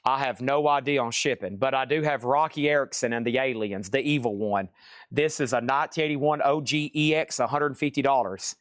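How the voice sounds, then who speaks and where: A man hosting a live-stream record sale, rattling off prices in quick, excitable patter full of exclamations. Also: mid-range voice, dry recording, clean studio sound.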